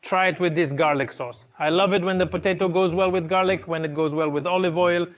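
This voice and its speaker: A man's voice: high voice, steady tone, brisk. A man from Poland, friendly and explaining each step as he cooks. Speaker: cook. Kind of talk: casual cooking demonstration.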